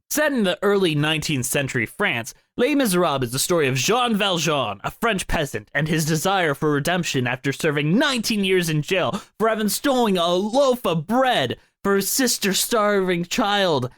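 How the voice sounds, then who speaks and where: A playful male podcast host with a rather high voice that swings widely in pitch. He jokes and giggles between lines of a read summary, and the sound is close and dry. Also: very animated, moderate pace, a bit bright, no room sound. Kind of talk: comedic casual chat and read summary.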